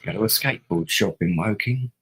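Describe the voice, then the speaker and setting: Middle-aged male streamer, low and husky, casual muttered game commentary. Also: brisk, fairly bright tone, rough recording. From England. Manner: muttering to himself, thinking aloud. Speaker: streamer playing a strategy game.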